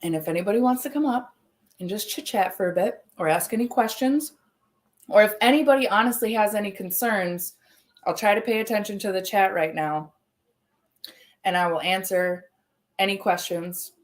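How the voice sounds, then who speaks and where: A woman's voice: medium pitch, normal speed. A woman hosting a livestream, speaking in a heated, confrontational way and swearing often. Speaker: livestream host. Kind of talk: angry livestream address.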